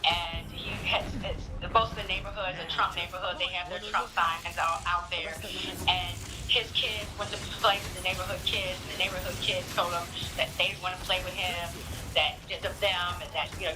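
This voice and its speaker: A woman's voice: fairly low pitch, steady tone, moderate pace, over music, low-quality recording. A woman chatting on a stream, loosely retelling a story she saw online with restarts. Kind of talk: casual chat.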